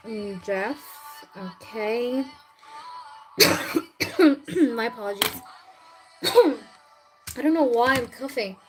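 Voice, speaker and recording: A woman hosting a casual live tarot reading, chatting with viewers and often clearing her throat. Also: a little high, animated, extremely slow, pauses often, faint music behind, low-quality recording.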